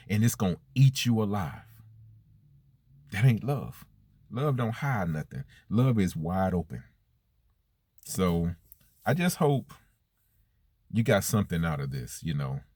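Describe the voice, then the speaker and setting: Earnest man preaching in a low, dry voice. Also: slightly rough, no echo. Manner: earnest, plainspoken, with rhetorical questions and repetition. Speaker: motivational speaker. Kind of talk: spoken-word preaching monologue.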